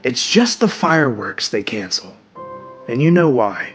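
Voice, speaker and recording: A man voicing an old grandfather who speaks low and gruff, with a heavy Slavic accent. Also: big pitch swings, unhurried, a bit bright, faint music behind.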